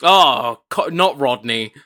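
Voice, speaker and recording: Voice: medium pitch, expressive, slow pace, bright, forceful tone. A co-host chatting casually, playful and reactive. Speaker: podcast co-host. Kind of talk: casual chat.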